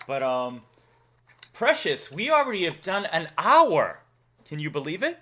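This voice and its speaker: A man's voice: on the high side, very animated, normal speed, sharp tone. A talkative man with a Massachusetts accent hosts a laid-back livestream. He laughs easily and chats while reading out donations. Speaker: livestream host. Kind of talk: casual livestream chat.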